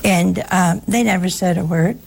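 A woman's voice: on the low side, moderate pace, vocal fry, darkish tone, slight background noise. An older American woman giving a conversational talk as a religious sister, telling humorous stories and acting out the dialogue. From United States. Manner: humorous storyteller who acts out dialogue.

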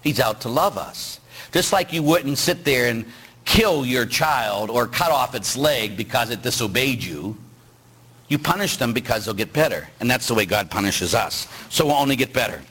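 A man's voice: mid-range voice, lively intonation, normal speed, a bit bright, husky, low-quality recording. A middle-aged man, a priest, preaching a sermon with rhetorical questions and acted-out voices. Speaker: Catholic priest.

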